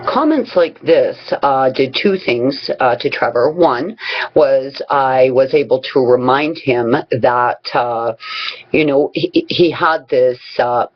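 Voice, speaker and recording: A woman with a low, husky voice tells personal stories on a vlog. She talks in a blunt, profane, conversational way. The recording sounds dull and lo-fi. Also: takes it slowly. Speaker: vlogger. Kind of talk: personal storytelling advice vlog.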